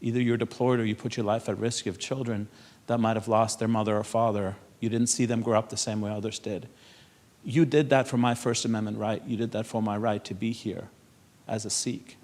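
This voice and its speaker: Man from Europe, low-pitched, conversational speaker at a public panel, chuckles through his anecdotes. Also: fairly even intonation, fairly quick, a little mellow. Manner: storytelling, laughs often, repeats words. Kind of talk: conversational speech to an audience.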